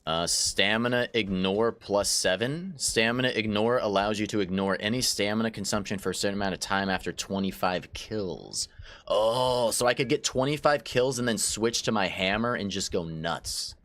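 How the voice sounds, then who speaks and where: A man's voice: lowish voice, normal speed, fairly bright tone. A man giving casual let's-play commentary while gaming, chatty, laughing often and repeating words as he goes. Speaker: gaming YouTuber.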